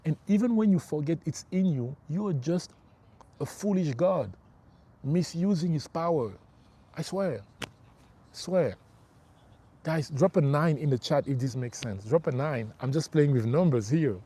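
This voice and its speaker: A man's voice: on the high side, measured pace, mellow, slightly rough. A middle-aged man working as a spiritual life coach, giving an emphatic motivational livestream talk. He repeats his key phrases and calls his listeners bro.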